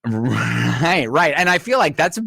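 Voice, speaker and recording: A man's voice: a little high, expressive, slow pace, creaky, sharp tone, breathy edge, dry recording, clean studio sound. A man co-hosting a radio talk show, chatting casually, laughing easily and reading out listener messages.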